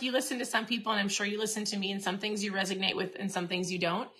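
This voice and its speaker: A woman's voice: medium pitch, bright, forceful tone. A middle-aged woman hosting a casual motivational podcast talk, chatty and earnest, often restarting and repeating herself. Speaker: podcast host and keto coach.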